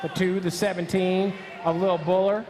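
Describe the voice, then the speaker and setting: High-voiced man calling a BMX race. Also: level tone, darkish tone, some chatter behind, a little hiss or hum. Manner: rapid-fire calling of rider names and numbers. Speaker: race announcer. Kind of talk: live race commentary. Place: outdoor BMX race track.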